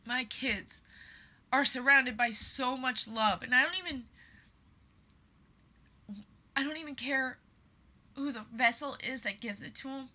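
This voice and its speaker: Her voice is high, bright, and forceful, and she talks at a normal pace. She's a podcast host in her thirties giving her listeners an emphatic, earnest monologue, repeatedly addressing them as "you guys."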